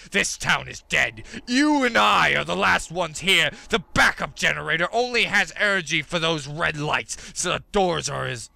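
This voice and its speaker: A stern, controlling captor, read out by a man in a slow, deliberate voice that stays bright and close despite the chill. The delivery is measured and unhurried. It sounds dry, with no room around it. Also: on the high side, vocal fry, no echo, voice pushed down, heavily acted.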